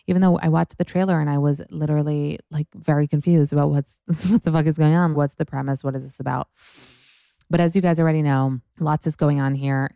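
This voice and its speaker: A young woman hosts a podcast, chatting casually, frankly and profanely about celebrity gossip and rambling as she goes. Her voice is deep and dark-toned with vocal fry, and there's no room sound.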